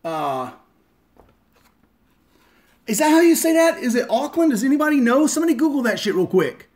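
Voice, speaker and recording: Lively-voiced profane male vlogger. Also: extremely high pitch, normal speed. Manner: profane, joking, rambling. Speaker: vlogger opening fan mail. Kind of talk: casual live-stream chat. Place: home in Las Vegas.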